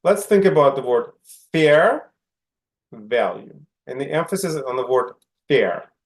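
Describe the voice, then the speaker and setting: A man's voice: medium pitch, lively intonation, moderate pace. A middle-aged man teaching an online class, asking the students questions and often checking in with "right?". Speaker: instructor.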